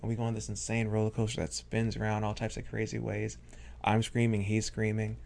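A man's voice: lowish voice, completely flat delivery, a little fast, gravelly, a little mellow, slight background noise. A man telling a story as a guest on a talk show, laid-back and amused. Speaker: hypnotist guest. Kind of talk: casual storytelling.

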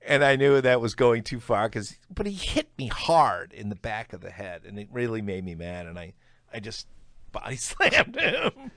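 This middle-aged comedian, guesting on a casual interview, is an animated storyteller who acts out quotes and laughs partway through sentences. His mid-range voice runs at normal speed with no room sound.

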